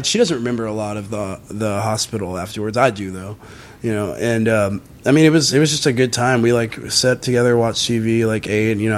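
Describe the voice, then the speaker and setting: Guy on a podcast telling a story, casual, lots of you know and like, swears a bunch, pitch goes way up when he quotes people. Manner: animated retelling with frequent swearing and fillers; acts out quoted people in a much higher, louder voice. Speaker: podcast guest, musician.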